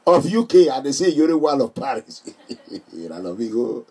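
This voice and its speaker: Animated Nigerian man, husky and distant. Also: a little high, moderate pace. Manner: animated, joking, laughs often. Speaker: vlogger. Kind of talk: casual chat to viewers. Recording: voice distant from the mic.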